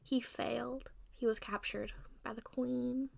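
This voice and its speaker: Sly frail old crone put on by a woman, soft breathy half-whisper, hushed. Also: a little high, steady tone, measured pace, dry recording, exaggerated voice. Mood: sly, pitiful.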